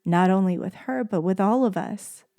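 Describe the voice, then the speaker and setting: A woman hosts a podcast alone, talking at a normal speed in a mid-range voice. Her delivery is soft-spoken and tender, and she repeats phrases for heartfelt emphasis.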